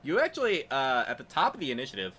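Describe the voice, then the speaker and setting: A man running a tabletop role-playing game as game master, narrating in a relaxed, rambling way with fillers and chuckles. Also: mid-range voice, fast.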